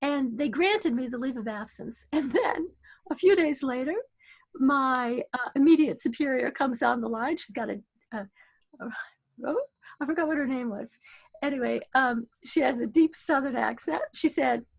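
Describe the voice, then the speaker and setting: A middle-aged woman giving a spoken Torah talk, telling personal stories earnestly with frequent restarts and halting phrases. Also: sits high, gravelly, husky. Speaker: religious teacher.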